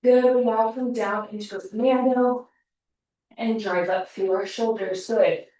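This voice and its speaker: A woman's voice: on the high side, fairly even intonation, unhurried, warm tone. A woman teaching a pilates workout, out of breath, counting down reps and encouraging, recorded on a laptop across the room. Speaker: pilates instructor. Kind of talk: workout cueing. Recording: echoey room, mic far off.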